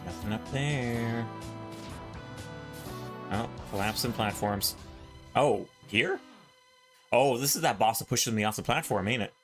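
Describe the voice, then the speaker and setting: A let's play host with a medium-pitched voice comments casually on his game, unhurried and leaving long pauses. He is playful and jokey, talking to himself and looking for puns, with game music in the background.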